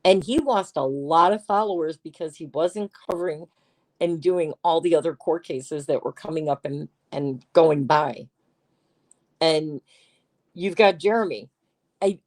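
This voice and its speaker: Unhurried, chatty woman hosting a livestream. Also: fairly low pitch, a little mellow, no echo. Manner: chatty and teasing, reads viewer chat aloud. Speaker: livestream host. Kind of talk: casual livestream commentary.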